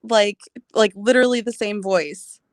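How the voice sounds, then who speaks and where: A woman's voice: mid-range voice, measured pace, no room sound. A woman chatting playfully with a friend on a livestream, giggling often. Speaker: livestream co-host. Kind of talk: casual chat.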